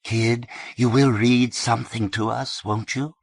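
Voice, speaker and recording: A man's voice: medium pitch, steady tone, unhurried, creaky, dry recording, pitched above the performer's own voice. A smug, commanding middle-aged host, voiced by a male narrator, speaks in a genial but firm way. The recording is close and dry.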